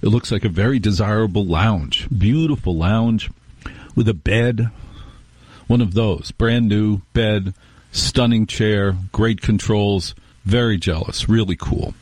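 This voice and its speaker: A man's voice: lowish voice, takes it slowly, a little mellow, no room sound. A middle-aged man hosting a talk radio show, telling rambling, wry stories with restarts in a casual monologue.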